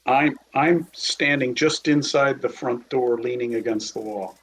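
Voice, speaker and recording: A man's voice: medium pitch, a little slow, a bit bright, breathy edge, rough recording. A man playing a tabletop role-playing game, describing his character in an easygoing way. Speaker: player.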